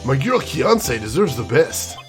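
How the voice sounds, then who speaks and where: A man's voice: mid-range voice, big pitch swings, unhurried, soft background music. A man voicing a laid-back, dopey young guy who is lovesick. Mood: goofy.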